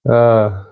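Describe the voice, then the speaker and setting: Male streamer, relaxed warm voice, casual chatty host. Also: medium pitch, highs cut off. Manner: chatty, matey, reads and answers comments. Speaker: livestream host. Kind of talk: casual livestream chat with viewers.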